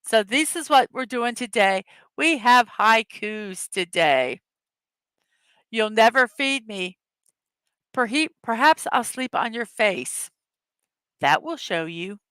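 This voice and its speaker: A woman hosting a daily morning show in a casual, upbeat, chatty way, reading puzzle words slowly one at a time and greeting her viewers. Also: a little high, big pitch swings, a bit bright, clean tone, no echo. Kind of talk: casual livestream chat, reading puzzle words and memes aloud.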